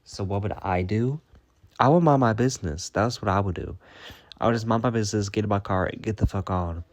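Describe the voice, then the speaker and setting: A young man with a lowish voice speaks briskly, answering viewer questions in a funny storytime monologue. His delivery is sassy and profane, and he rambles, leaning heavily on "like."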